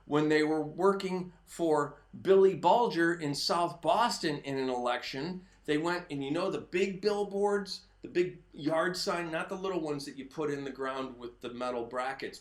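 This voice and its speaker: Man, political commentary host, emphatic, raised voice at times, echoey room. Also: on the high side. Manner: emphatic, sometimes shouting. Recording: roomy echo.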